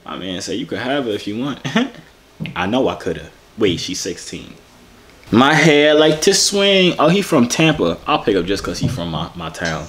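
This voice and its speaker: A man's voice: sits low, big pitch swings, normal speed, slight background noise. A man in his twenties with a New York accent, chatting and flirting playfully with strangers on a video app and joking to his viewers in street slang. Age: 20s. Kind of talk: casual flirty chat with asides to viewers.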